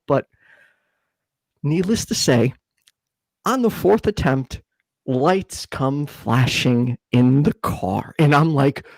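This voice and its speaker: Co-hosting a laid-back podcast, a twentysomething man tells an animated story, voicing the quotes in a high, raised tone. His pace is slow with long pauses, and the recording is dry.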